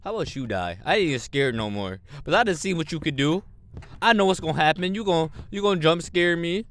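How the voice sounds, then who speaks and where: A man commentating a horror game, swinging between mumbled slangy banter and loud frightened shouts. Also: on the high side, lively intonation, a little fast. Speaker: gamer playing a horror game. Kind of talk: let's play commentary.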